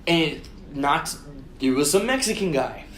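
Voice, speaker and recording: A man co-hosting a podcast, telling a story in casual chat, swearing constantly and acting out his own shouted lines. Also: on the high side, lively intonation, measured pace, slight background noise. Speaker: podcast co-host. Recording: roomy echo.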